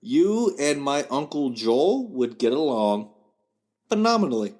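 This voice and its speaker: A man with a West Virginian drawl, relaxed in a casual chat. He tells family stories with a chuckle in his voice and acts out what his relatives said. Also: mid-range voice, measured pace. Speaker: podcast guest.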